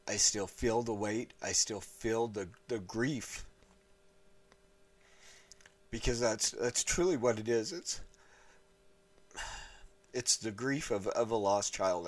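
A man speaking earnestly and haltingly to camera as an evangelist vlogger, often pausing to search for words. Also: fairly low pitch. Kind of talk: unscripted talk to camera.

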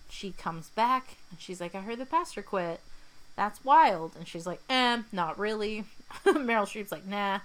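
A woman's voice: mid-range voice, normal speed, fairly bright tone, poor audio. A young woman co-hosting a podcast, chatting casually as she recaps a film scene by scene. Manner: chatty, retells scenes in quoted voices. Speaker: podcast co-host. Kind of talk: casual movie recap chat.

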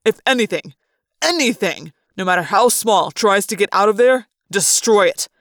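A woman's voice: mid-range voice, lively intonation, moderate pace, no echo, studio quality, lightly acted. A woman voicing a cruel, domineering male alien warlord who barks orders and threatens his men, read in a fan audiobook. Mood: commanding. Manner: barking commands, menacing.

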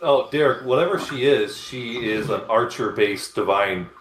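A man's voice: mid-range voice, moderate pace, roomy sound, slight background noise. A man playing a tabletop game, joking and pleading in casual chat. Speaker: player.

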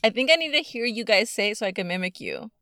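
A young woman chats casually with friends, giggling and doubting herself as she swears lightly. Her voice sits a little high. The recording is dry and close. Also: lively intonation, fast talker, sharp tone, no echo. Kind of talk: casual chat. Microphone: phone.

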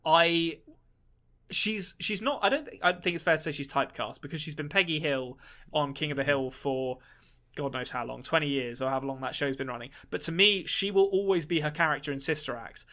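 Bright-voiced rambling male podcast co-host. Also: fairly high pitch, a little fast. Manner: rambling, swears casually, many restarts. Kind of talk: casual chat.

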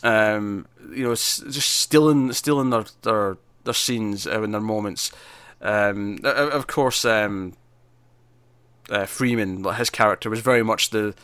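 A man's voice: lowish voice, measured pace, fairly bright tone, smooth, no room sound. A man co-hosting a podcast in casual chat about films, rambling with many restarts and fillers and acting out quotes. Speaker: podcast co-host. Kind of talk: casual film-list chat.

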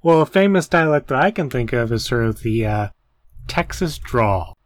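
A man with a mid-range voice co-hosts a relaxed educational podcast and jokes about himself. The recording is dry and close, with no room sound. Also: mid-range voice, fairly quick, dry recording. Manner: self-deprecating, jokey. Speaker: podcast co-host. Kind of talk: casual educational chat.

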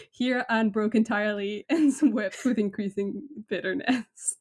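A woman hosting a casual podcast chat, reading book extracts aloud with lively expression and laughing often. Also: medium pitch, a little slow. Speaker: podcast host.

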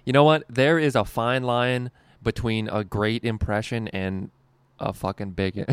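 A man's voice: lowish voice, creaky, clean tone, no echo. A young adult man, a stand-up comedian hosting a podcast, telling stories in rambling, profane casual chat and laughing often.

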